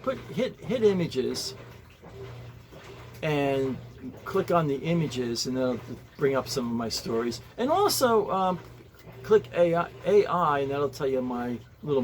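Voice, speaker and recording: A man's voice: medium pitch, a little hiss or hum. A man vlogging casually at home, stammering, repeating words and restarting sentences as he rambles in an earnest, homespun way. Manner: earnest and homespun, fond of small comforts. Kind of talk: casual vlog talk to camera. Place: at home, later filming by a pool.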